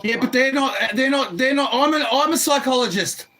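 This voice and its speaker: Australian man, very high voice, agitated and shouting, repeats himself; phone recording. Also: brisk. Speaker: man arguing with police through his door. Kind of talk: heated argument.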